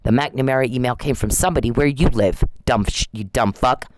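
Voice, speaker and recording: A vlogger confronts a harasser with an angry, profane rant aimed right at him, repeating the same warnings over and over. His voice is medium-pitched and brisk, with no room sound, and the recording is low quality.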